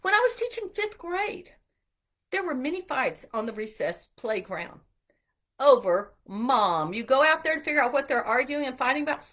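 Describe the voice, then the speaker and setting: Animated middle-aged woman speaker. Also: high voice, normal speed. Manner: animated, earnest, acts out quotes. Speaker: homeschool speaker. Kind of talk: inspirational talk to mothers.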